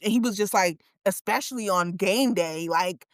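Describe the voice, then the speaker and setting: A woman co-hosting a casual chat show, telling stories in an animated way and jumping her voice up high for emphasis. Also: normal speed, dry recording, clean studio sound. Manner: animated storyteller, voice leaps up for emphasis. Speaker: podcast co-host.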